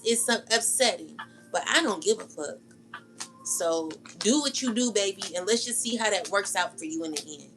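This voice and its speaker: A woman's voice: mid-range voice, fairly bright tone, a little hiss or hum, poor audio. Woman ranting heatedly to her viewers. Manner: heated, accusing, repetitive, cursing. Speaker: tarot channel host. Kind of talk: ranting vlog monologue.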